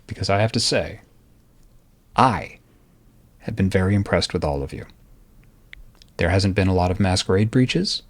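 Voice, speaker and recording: A man's voice: low voice, normal speed, pauses often. A man voicing a male vampire Archon in a tabletop game, talking bluntly and casually, with some swearing. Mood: approving. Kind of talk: tabletop role-play.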